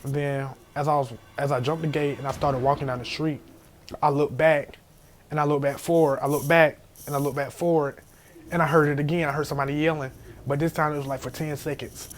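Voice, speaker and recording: A young man telling a scary story in casual storytime style, animated and jumping to high squeals when he quotes himself. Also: fairly quick. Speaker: storyteller vlogger. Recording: faint background noise.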